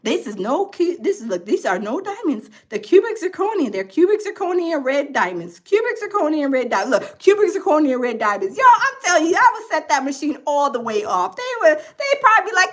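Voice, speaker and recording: A woman's voice: high-pitched, big pitch swings, a little fast, hardly any pauses. A woman hosting a casual gossip livestream, talking animatedly and acting out other people's voices. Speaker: gossip show host.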